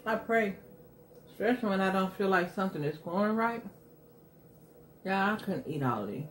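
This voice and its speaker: A woman's voice: medium pitch, expressive, normal speed, long pauses, noisy background. A middle-aged woman hosting an eating show at home, chatting candidly and with emphasis while she eats. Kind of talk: casual chat while eating.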